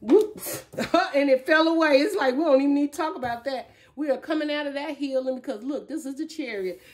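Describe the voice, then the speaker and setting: High voiced woman doing a tarot reading, chatty, emotional, talks right at ya. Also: a little fast, darkish tone. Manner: emphatic, chatty, emotional, addresses viewers directly. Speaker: tarot reader. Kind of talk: casual tarot reading to viewers.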